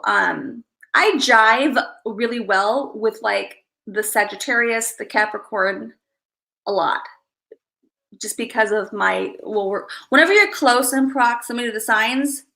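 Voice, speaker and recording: A woman with a bright, forceful voice that sits a little high, chatting casually on a livestream. She rambles, restarts her thoughts and calls out viewers by name as she goes. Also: measured pace, low-quality recording. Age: adult parent. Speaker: livestream host.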